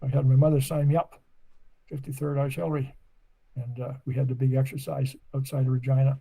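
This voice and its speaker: A man's voice: medium pitch, level tone, a little fast, gravelly, dark tone, breathy edge, rough recording. A man in his eighties from Nova Scotia, a podcast guest chatting casually and telling long, rambling stories. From Nova Scotia, Canada. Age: 80s. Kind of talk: casual conversation.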